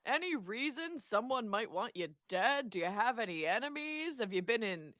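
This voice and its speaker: A woman's voice: fairly high pitch, very animated, normal speed, a bit bright, no room sound, studio quality. A woman playing a tabletop game, hesitant and exasperated, firing off questions. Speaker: player. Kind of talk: tabletop role-play chat.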